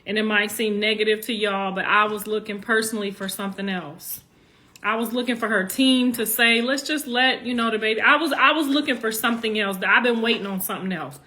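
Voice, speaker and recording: A middle-aged woman and grandmother talks casually to her viewers, halting and rambling with many "you know" restarts, earnest and apologetic but defensive. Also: medium pitch, pushed and bright. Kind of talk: casual talk to camera.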